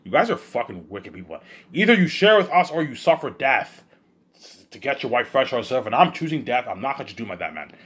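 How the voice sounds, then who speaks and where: A man talking alone in a rambling monologue, repeating himself and swinging between loud outbursts and low mumbles. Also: big pitch swings, brisk, slightly rough. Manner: repetitive, keeps saying "you know what I'm saying". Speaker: host of his own listening series.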